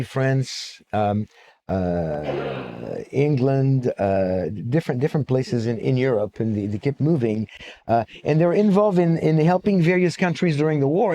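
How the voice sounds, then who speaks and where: Male conference speaker at a stand mic, fairly high-pitched, animated and joking. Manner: animated storyteller, jokes, frequent fillers. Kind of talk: lecture-style sermon. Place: church auditorium. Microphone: stand-mounted microphone.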